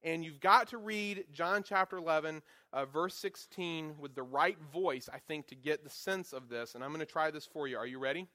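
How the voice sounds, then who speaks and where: Male Bible teacher, slightly high voice, playful lecturing with acted-out quotes. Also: moderate pace, hardly any pauses, no echo, studio quality. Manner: animated, acts out quotes with voices; jokey, self-deprecating asides.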